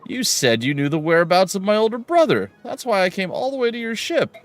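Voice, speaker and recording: A man's voice: high-pitched, very animated, fairly quick, voice pushed up. A man voicing a young female pegasus knight, reading her game lines in a raised voice. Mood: pleading.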